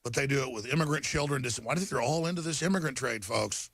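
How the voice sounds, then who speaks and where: A man's voice: medium pitch, quick pace, a bit bright, dry recording. A man hosting a talk show, ranting emphatically through news headlines and stumbling over repeated words. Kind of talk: talk radio monologue reading headlines.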